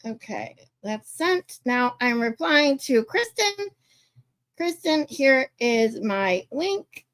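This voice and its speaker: A woman's voice: high voice, sing-song, takes it slowly, a bit bright, no echo. A woman hosting a casual livestream, chatting with viewers, swearing casually and laughing often. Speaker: livestream host. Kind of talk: casual livestream chat, reading chat.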